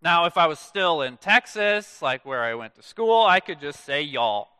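A man in his thirties preaching a sermon in a church, telling stories in a lively way and letting phrase ends fall away soft and low. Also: moderate pace, smooth, no echo. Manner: animated storytelling with dramatic soft drops at phrase ends. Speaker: pastor.

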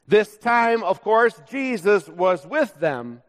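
A male pastor preaching a sermon in a church, speaking in a measured, conversational way with light humor. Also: sits high, sing-song. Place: church sanctuary. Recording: long reverb of a large church.

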